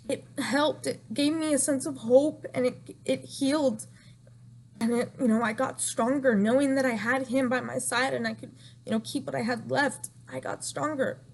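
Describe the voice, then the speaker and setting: A woman's voice: high-pitched, vocal fry, breathy edge. A young woman telling an emotional storytime vlog, distraught and rambling, repeating herself and crying at times.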